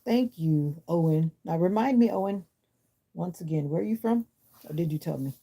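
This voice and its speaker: A middle-aged woman casually chats on a livestream through a phone or device mic, her voice fairly low, mellow and lively at a moderate pace. She answers viewers' comments bluntly and with sass. She's feeling unwell as she talks.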